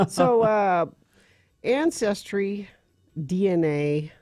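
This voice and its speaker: A woman's voice: mid-range voice, lively intonation, very slow, warm tone. A woman co-hosting a morning radio show, teasing her co-hosts in casual banter. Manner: teasing, laughs often.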